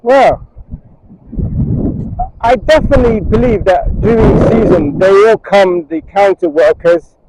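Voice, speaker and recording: A man's voice: high-pitched, unhurried, pauses often, background noise. A man vlogging as he walks outdoors on a beach, making casual, musing remarks picked up by a chest-mounted action camera's built-in mic. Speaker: travel vlogger. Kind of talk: casual walking commentary. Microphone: chest-strapped action camera internal mic in a waterproof case.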